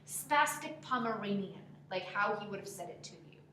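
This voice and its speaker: A woman's voice: mid-range voice, steady tone, quick pace, bright, forceful tone. A woman giving direct acting notes to students, coaching and demonstrating how to deliver lines. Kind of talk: spoken critique of a scene. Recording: echoey room, faint background noise.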